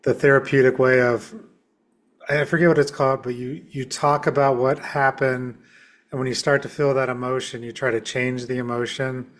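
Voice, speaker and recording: A man hosting a podcast in a casual conversation, making his points in a measured, step-by-step way. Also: mid-range voice, flat delivery. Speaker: podcast host and shamanic practitioner.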